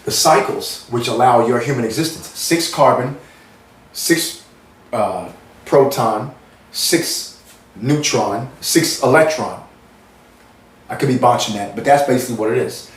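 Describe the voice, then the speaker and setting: A man's voice: medium pitch, unhurried, long pauses. Man rambling in a roomy distant recording. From United States. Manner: meandering, repetitive, earnest. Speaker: spiritual channel host. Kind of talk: rambling spiritual monologue. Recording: roomy sound, mic at a distance.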